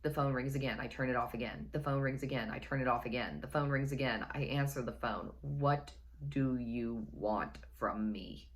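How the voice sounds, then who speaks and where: Very deep-voiced woman telling a story. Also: quick pace, few pauses. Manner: chatty, wry, repeats phrases for effect. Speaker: storytelling vlogger. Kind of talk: casual personal storytelling.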